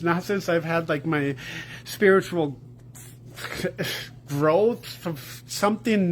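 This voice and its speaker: A man's voice: high-pitched, slight background noise. A man crying while he talks in an emotional confessional video, rambling and swearing as his voice breaks.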